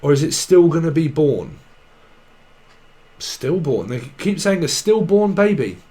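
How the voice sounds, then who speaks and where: Man, tarot reader, slightly high voice, rambling wordplay, giggly. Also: sing-song, unhurried, warm tone. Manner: free-associating wordplay, giggly asides. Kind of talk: rambling tarot channelling monologue.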